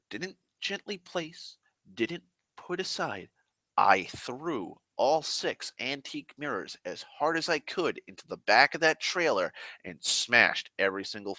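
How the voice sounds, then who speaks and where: A man's voice: on the low side, sharp tone, no room sound, clean studio sound. A man angrily telling a story to camera, swearing constantly and repeating himself for emphasis. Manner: angry, heavily profane ranting; dramatic pauses and repetition. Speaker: online ranter. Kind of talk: casual storytelling rant.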